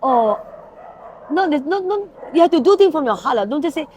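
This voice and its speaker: Malaysian woman, rapid and fairly high, earnest guest sharing stories of rescue work. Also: sing-song, a little mellow, dull audio, a little hiss or hum. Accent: Malaysian English. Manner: earnest, storytelling, speaks her mind. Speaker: animal rescue founder, guest. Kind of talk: casual interview chat.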